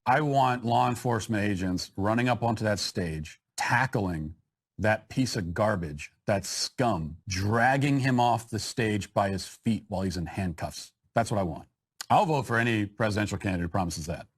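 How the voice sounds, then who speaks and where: Vehement man with a lowish voice. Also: slightly rough. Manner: vehement, deliberate. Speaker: guest in a played clip.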